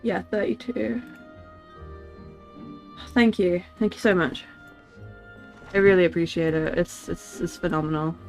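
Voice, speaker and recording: A woman streamer chatting casually while she plays, halting and full of restarts. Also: lowish voice, darkish tone, soft background music. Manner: halting, with many restarts and fillers. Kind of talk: casual livestream chat while gaming.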